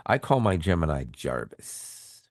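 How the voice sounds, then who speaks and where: Low-voiced guy from canada, bouncy lively delivery, dry close sound, laughs a lot. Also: unhurried, creaky, dry recording. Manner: animated, laughs often, repeats words. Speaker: podcast co-host. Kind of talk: casual tech chat.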